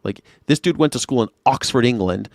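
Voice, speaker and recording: A man's voice: medium pitch, fairly quick, a little mellow, no room sound, studio quality. Blunt, profane male talk host. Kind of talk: live news reaction commentary.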